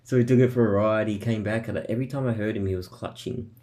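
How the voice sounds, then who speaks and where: A man's voice: fairly low pitch, fairly even intonation, quick pace, mellow. A young man, rambling casually through a daily video diary with plenty of fillers and chuckles. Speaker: vlogger.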